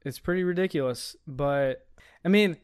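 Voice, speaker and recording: Man, sports podcast host, smooth resonant voice, dry close sound, casual chat with fillers. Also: on the high side, normal speed, no room sound. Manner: talks in bursts with many fillers and restarts.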